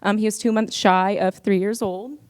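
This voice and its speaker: A woman's voice: medium pitch, steady tone, normal speed, no room sound, studio quality. A young woman speaking to an audience as a parent, in an earnest, heartfelt personal speech with frequent ums.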